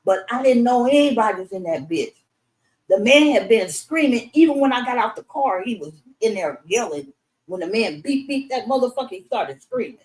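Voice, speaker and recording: Animated, profane middle-aged woman storyteller. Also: fairly high pitch, moderate pace, rough recording. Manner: animated, profane, acts out the voices of the people in her story. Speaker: interview guest. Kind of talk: casual storytelling interview.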